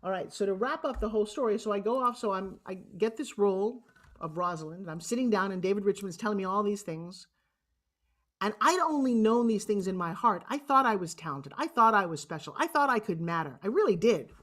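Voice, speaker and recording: A woman in her sixties with a New York accent, telling a personal story on stage in a lively, joking, blunt way. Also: mid-range voice, fairly quick. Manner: animated, jokey and blunt, acting out other voices. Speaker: motivational speaker.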